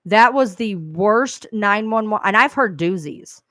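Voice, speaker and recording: A woman's voice: mid-range voice, expressive, measured pace, fairly bright tone, dry recording, studio quality. A woman who covers true crime, talking bluntly and with profanity in a casual chat.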